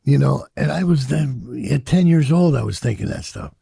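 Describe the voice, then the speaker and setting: Gravelly, husky older man telling stories. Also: medium pitch, animated, normal speed, mellow, dry recording, clean studio sound. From Chicago. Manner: profane, reflective, acts out quoted voices. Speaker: interviewee. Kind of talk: candid storytelling in an interview.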